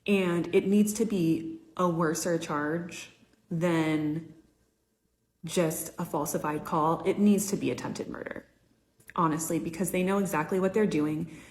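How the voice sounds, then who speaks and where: A woman with a lowish voice speaks indignantly and with emphasis in a reaction clip. Her voice rings around a roomy, echoey space. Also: fairly even intonation, measured pace, darkish tone. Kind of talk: reaction commentary. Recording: roomy echo.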